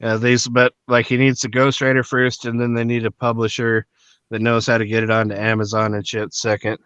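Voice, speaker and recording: A man's voice: medium pitch, monotone, fairly quick, fairly bright tone, smooth, no room sound, muffled recording. A man co-hosting a casual podcast chat, rambling and profane with many fillers. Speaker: podcast co-host.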